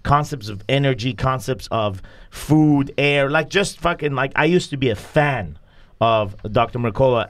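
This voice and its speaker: A man's voice: medium pitch, a bit bright. A man hosting a candid conversational podcast who talks bluntly, swears often and goes off on heated rants. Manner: blunt, profane, ranting. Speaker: podcast host.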